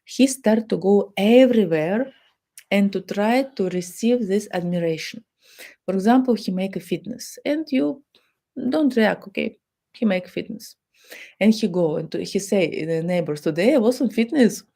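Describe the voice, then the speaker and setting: Mellow-voiced Russian woman giving advice. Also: medium pitch, lively intonation, unhurried, gravelly. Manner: non-native English with simple grammar, acts out quoted dialogue. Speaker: female therapist giving relationship advice. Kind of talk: advice talk to the camera.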